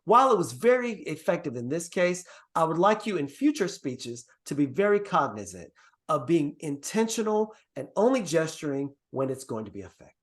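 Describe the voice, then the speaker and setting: Guy from the caribbean teaching a video call workshop, kinda high voice, earnest and encouraging. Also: moderate pace. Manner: earnest, encouraging, lively pitch swings. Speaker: workshop presenter.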